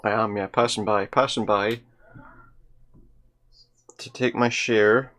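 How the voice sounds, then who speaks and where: A man's voice: on the low side, steady tone, slow, fairly bright tone. A man giving casual let's-play commentary, thinking aloud and reading game dialogue as he plays. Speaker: video game player.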